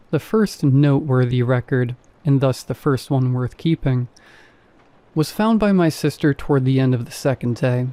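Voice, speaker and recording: A man narrates a first-person scary story with calm, measured pacing. His voice is mellow and dark-toned, sitting at a middle pitch. The reading is steady and scripted.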